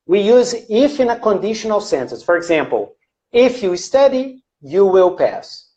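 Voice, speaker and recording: A man's voice: high voice, sing-song, moderate pace, mellow. A man from Brazil with a Brazilian Portuguese accent teaching English in a live online class, greeting viewers by name, repeating phrases and using many fillers. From Minas Gerais, Brazil. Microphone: computer mic on a live video stream.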